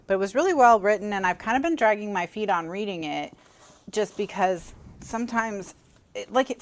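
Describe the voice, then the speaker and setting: A woman hosts a live crafting stream, chatting casually as she works and rambling with plenty of fillers and restarts. She has the hiccups, her voice is lowish, and there's a little hiss or hum in the recording.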